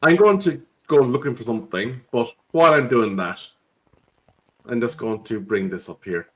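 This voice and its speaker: A man's voice: medium pitch, expressive, moderate pace, a bit bright, low-quality recording. A man, hosting a casual live stream in a chatty, joking way and reading out viewer comments.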